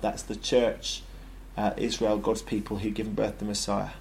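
A man's voice: on the low side, level tone, fairly quick, vocal fry, few pauses, a little mellow. A man giving a conversational sermon full of ums and uhs. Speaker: preacher.

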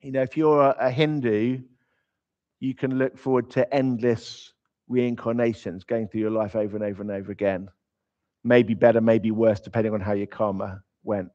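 A man's voice: lowish voice, steady tone, normal speed, dark tone. Man preaching a casual, emphatic sermon. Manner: informal and emphatic, with humorous asides. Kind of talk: conversational sermon. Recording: slightly dull, lo-fi sound.

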